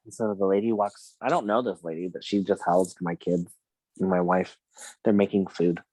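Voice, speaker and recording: A man's voice: sits low, fairly even intonation, moderate pace, a little mellow, no room sound. A man in a past-life regression session, casually recounting what he sees. He laughs often and acts out the people he quotes. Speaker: regression client.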